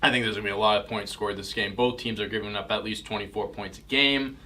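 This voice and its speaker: A man's voice: on the low side, fairly even intonation, quick pace, pushed and bright, a little hiss or hum. A young man co-hosting a casual sports betting podcast, rambling and self-mocking while he eats. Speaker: podcast co-host.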